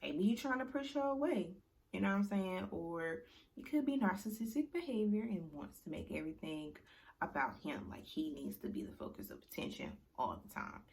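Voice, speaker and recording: A woman's voice: lowish voice, moderate pace, vocal fry. Slangy woman recapping in casual chat. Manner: slangy, animated storytelling with frequent "like" and "you know". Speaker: reality TV recap commentator.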